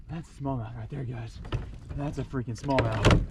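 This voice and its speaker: Excited man fishing from a kayak outdoors. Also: mid-range voice, normal speed. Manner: excited, repeated exclamations. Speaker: kayak angler and channel host. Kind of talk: casual fishing vlog commentary. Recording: distant mic with clear outdoor wind and water noise.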